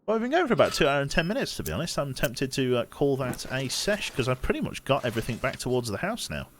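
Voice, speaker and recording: A man's voice: medium pitch, big pitch swings, quick pace, slight background noise. A young man streaming a survival game, chatting casually and rambling, often restarting his sentences and swearing offhand. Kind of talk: casual live-stream chat while gaming.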